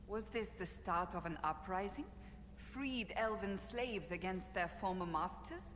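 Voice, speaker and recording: A woman's voice: mid-range voice, measured pace, a bit bright, a little hiss or hum, natural voice. An actress voicing an earnest, curious woman companion in a video game. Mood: inquisitive. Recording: echoey game audio, faint ambience.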